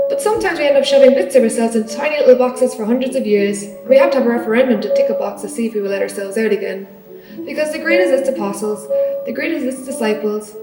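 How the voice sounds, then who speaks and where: A woman with an Irish accent giving a live spoken-word performance in an art gallery, in a measured, rhythmic, theatrical delivery. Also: on the high side. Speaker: performance artist. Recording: echoey gallery, voice from far off, faint music.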